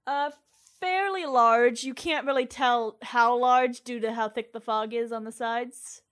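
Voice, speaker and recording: A slightly high-pitched woman narrating as game master for a tabletop game. She talks loosely and casually, filling pauses with "uh" as she hunts for the right word. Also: fairly bright tone. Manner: chatty, loose, searching for words with fillers.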